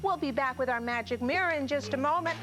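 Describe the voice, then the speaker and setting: A woman's voice: high voice, fast, music in the background, low-quality recording. A woman hosting a children's TV show, talking to young children in a cheerful, encouraging way.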